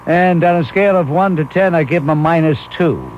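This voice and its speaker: A man's voice: fairly high pitch, fairly quick, a little hiss or hum. A man hosting a call-in talk radio show, blunt and dismissive as he scores callers. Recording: 1991 AM radio broadcast, muffled.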